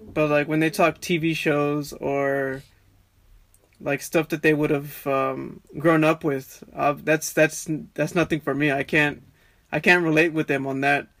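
A young man from Texas, a barber guest on a podcast, chatting in a relaxed, rambling way with many restarts. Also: a little high, unhurried, no room sound. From Texas, USA. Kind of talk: casual conversation.

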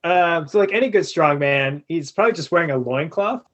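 A man's voice: fairly high pitch, expressive, brisk, fairly bright tone. A man narrating as game master of a tabletop game, laid-back and chuckling, with many filler words. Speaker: tavern master.

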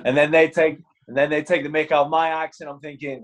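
A man's voice: fairly high pitch, normal speed. A young man from Iceland with a London-tinged English accent, a goalkeeper chatting in an interview, laughing and acting out quotes. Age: young adult. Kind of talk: casual interview chat.

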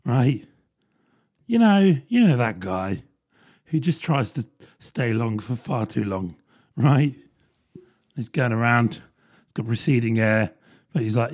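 Guy in his 30s rambling on a solo podcast, husky voice, lots of ums and rights. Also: medium pitch, animated, moderate pace, long pauses, a little mellow. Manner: rambling, self-deprecating, lots of fillers. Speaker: podcast host. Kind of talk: casual solo podcast monologue.

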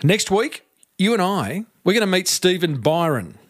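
A man's voice: high voice, big pitch swings, normal speed. A middle-aged man hosting a podcast, giving marketing tips in an upbeat, direct way and calling listeners team. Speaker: podcast host. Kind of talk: solo marketing tips segment.

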